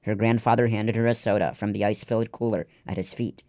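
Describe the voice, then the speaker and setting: A man reading a children's story aloud in steady scripted narration. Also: fairly low pitch, quick pace, dry recording, clean studio sound. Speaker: audiobook narrator.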